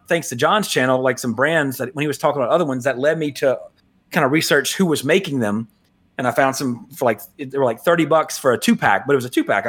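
A man's voice: mid-range voice, fairly bright tone. A man in his forties hosting a casual podcast, rambling loosely, with frequent chuckles and restarts. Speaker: podcast host.

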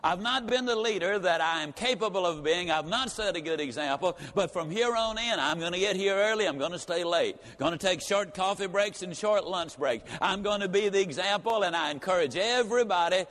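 A man's voice: high voice, brisk, hardly any pauses, a bit bright. A man voicing an angry middle-aged male company boss who blusters and scolds. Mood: rousing. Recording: long reverb of a large hall.

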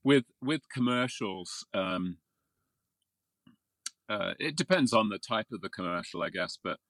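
A middle-aged man from England talks about his voiceover work in a low, easy voice. He is self-deprecating, laughs often and fills pauses with ums. The sound is dry and close, with no room around it. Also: lively intonation, a bit bright, dry recording. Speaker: voiceover artist, guest. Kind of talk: casual interview talk.

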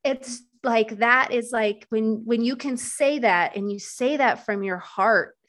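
A woman's voice: a little high, slow pace, fairly bright tone. A woman hosting an interview podcast, speaking in an effusive, enthusiastic way. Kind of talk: conversational interview.

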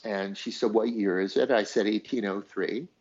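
A songwriter, appearing as an interview guest, tells a personal story conversationally, animatedly acting out the people he quotes and laughing along the way. His voice is on the low side at normal speed, and the audio has its highs cut off.

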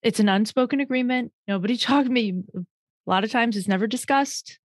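This is a woman hosting an interview who explains her points in a confident, reasoned way. Her voice sits a bit high. The recording is close and dry. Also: fairly quick, dry recording. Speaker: host. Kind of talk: interview discussion.

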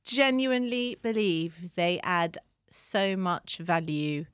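A woman's voice: fairly low pitch, lively intonation, slow pace, a bit bright, clear, resonant tone, dry recording, studio quality. A woman from London co-hosting a podcast in casual, laughing chat, swearing freely. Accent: London English. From England. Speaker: podcast co-host.

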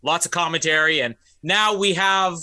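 A man's voice: on the high side, normal speed, pushed and bright, smooth. A man hosting a podcast, upbeat and teasing, often laughing in casual chat. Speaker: podcast host.

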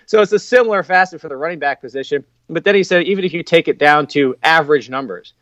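A man appearing as a guest analyst on a casual sports podcast, talking in an animated way, chuckling often and stacking up rhetorical questions. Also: a little high, quick pace, no echo. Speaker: fantasy football analyst guest.

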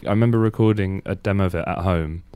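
Deep-voiced, hesitant man. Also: quick pace, warm tone, smooth, dry recording. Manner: hesitant, filler-heavy, lots of "like". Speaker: band member, guest. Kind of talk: casual interview answers. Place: radio studio.

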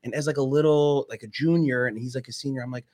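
A man co-hosting a casual sports talk show, telling stories and swinging between loud and soft. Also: medium pitch, fairly even intonation, fast. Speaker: podcast co-host.

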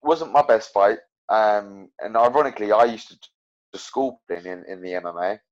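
A man's voice: lowish voice, moderate pace, lo-fi sound. A man talking as an MMA fighter guest, rambling and frank about his own fights. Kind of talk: casual interview chat.

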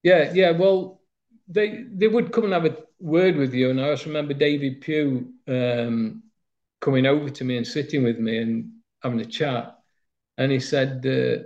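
A man's voice: medium pitch, moderate pace, a little mellow. A man, recalling his footballing days in a rambling, anecdotal interview with many fillers. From Nottinghamshire, England. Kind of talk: reminiscing interview. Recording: slightly dull lo-fi sound.

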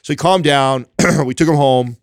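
A man's voice: fairly high pitch, moderate pace, clean tone, dry recording, studio quality. A man in his thirties hosting a podcast, telling a story in a rambling way with many restarts and casual swearing. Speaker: podcast host.

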